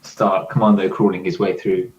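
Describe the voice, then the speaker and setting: A man's voice: low-pitched, level tone, normal speed, crowd noise. A man casually describing his character's actions in a tabletop game, laid-back and amused. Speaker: player. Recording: roomy, dull lo-fi audio.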